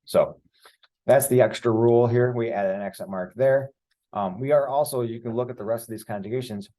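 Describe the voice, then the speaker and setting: A man's voice: medium pitch, brisk, dark tone. A man teaching a Spanish grammar lesson over a screen share, explaining each step patiently with the odd filler.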